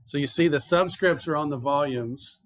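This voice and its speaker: A man's voice: fairly high pitch, moderate pace, a bit bright, no room sound. A male chemistry instructor giving a university classroom lecture, explaining calculations step by step in a conversational way. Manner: explanatory and conversational, talks students through steps.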